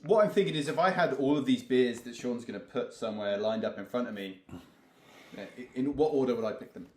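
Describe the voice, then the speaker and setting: Bloke co-hosting, dry teasing jokes, roomy echo, faint hiss behind. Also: male voice, medium pitch, fast talker. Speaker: co-host. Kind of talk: casual chat.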